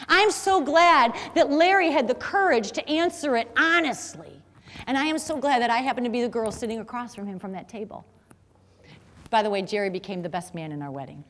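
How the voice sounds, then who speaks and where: A middle-aged woman from the American Midwest telling a personal story to an audience in a lively, conversational way. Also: high-pitched. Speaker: speaker. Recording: long hall reverb.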